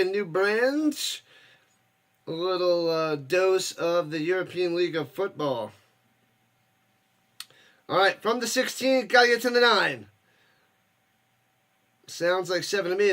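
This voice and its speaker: A man with a high, forceful voice calls the game live for his stream. He chats casually with viewers between plays and erupts into shouts when something big happens. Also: a little slow, pauses often. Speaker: watch-party streamer and host. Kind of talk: casual live play-by-play commentary.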